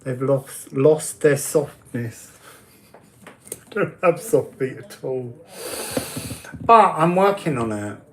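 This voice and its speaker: A man's voice: mid-range voice, animated, takes it slowly, pauses often, fairly bright tone, slight background noise. A man giving oracle card readings in a casual live-stream chat, talking easily, answering viewers' comments and laughing often.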